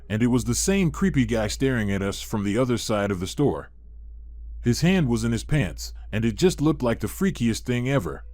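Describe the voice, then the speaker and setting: A man calmly reading a first-person horror story as scripted narration. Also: mid-range voice, no echo.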